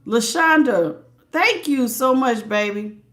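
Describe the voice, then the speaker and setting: A woman's voice: fairly high pitch, animated, slow pace. A woman giving a live tarot reading, chatty and emphatic, greeting viewers by name and repeating words for stress. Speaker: tarot reader.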